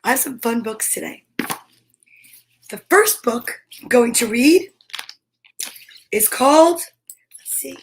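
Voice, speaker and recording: A woman's voice: on the high side, lively intonation, slow pace, pauses often, slight background noise. A woman hosting a children's storytime, chatting and reading a picture book aloud in a bubbly, friendly way. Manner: bubbly and chatty, talks straight to young listeners.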